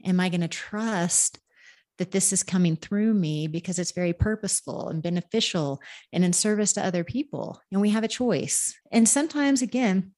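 A woman's voice: mid-range voice, a little mellow. A woman guest, an intuitive and medium, talking earnestly and reflectively about life purpose and acting out family voices. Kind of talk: spiritual advice conversation.

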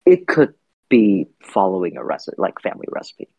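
Husky guy on a podcast, lots of ums and restarts, kinda low voice, dull dry audio. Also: wildly swooping pitch, fairly quick, warm tone, no echo. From Vietnam. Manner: thoughtful, hesitant, with frequent fillers and restarts. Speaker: podcast guest. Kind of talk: reflective podcast conversation.

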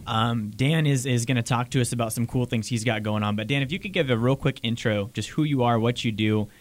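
A man's voice: mid-range voice, brisk, no echo. A man hosting a radio interview in a friendly, loose way, repeating words. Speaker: radio host. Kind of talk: casual interview talk.

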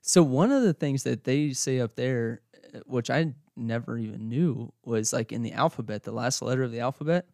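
Dude on a podcast, easygoing and laughy, mid-pitch voice, dry close mic. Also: male voice, moderate pace, no echo. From Oklahoma, US. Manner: relaxed, chatty, laughs often. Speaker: podcast co-host. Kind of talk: casual chat.

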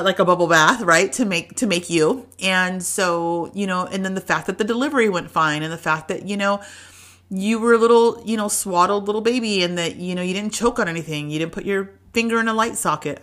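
Woman, forties, podcast host with a slightly low voice, a chatty and encouraging pep talk. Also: fairly bright tone. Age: 40s. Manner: chatty, encouraging, many fillers and restarts. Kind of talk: motivational solo podcast talk.

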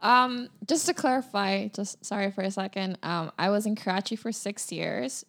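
Woman guest w a bit of fry, lots of um and like, chatty. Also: medium pitch, normal speed, fairly bright tone. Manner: hesitant, lots of "um" and "like". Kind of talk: casual chat.

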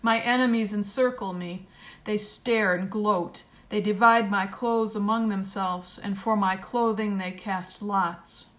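A woman reads scripture in a measured, solemn liturgical style. Her pitch sits in the middle of the range for a woman, and her delivery stays steady and unhurried. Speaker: scripture reader. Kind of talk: liturgical reading.

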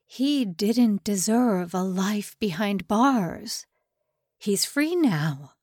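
A woman's voice: mid-range voice, expressive, drawn-out words, a little mellow, no echo, clean studio sound. A woman narrator voicing a stern, cold male general who talks curtly and dismissively. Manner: curt, dismissive, unmoved.

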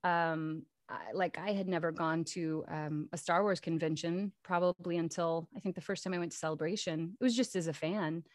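Give me a woman with a low-pitched voice, chatting as a guest in an interview. She is animated and full of fillers and restarts, and the recording is dry and close. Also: moderate pace, few pauses, no echo. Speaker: voice actress guest. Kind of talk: casual interview chat.

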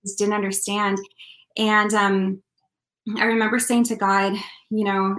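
A woman's voice: mid-range voice, level tone, unhurried, fairly bright tone, roomy sound, low-quality recording. A woman from Canada, a country singer and interview guest, telling a personal story in an earnest, heartfelt way.

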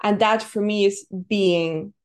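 A woman's voice: mid-range voice, fairly even intonation, takes it slowly. Thoughtful woman coach as podcast guest. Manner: thoughtful, reflective, with soft fillers. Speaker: guest, feminine embodiment coach. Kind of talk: conversational podcast interview.

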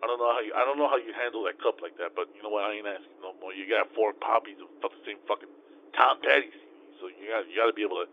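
A man in a comedy monologue, gruff and profane, arguing, swinging from yelling to muttering. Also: fairly low pitch, very fast. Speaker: comedy character monologue, a self-styled lawyer driving. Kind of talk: improvised comic monologue. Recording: tinny phone-like sound with light noise.

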